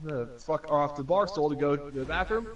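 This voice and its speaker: A young man telling a profane, animated bar story among friends, swearing constantly and acting out other people's voices. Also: fairly high pitch, moderate pace, highs cut off, slight background noise. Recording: distant mic with loud music behind. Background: music.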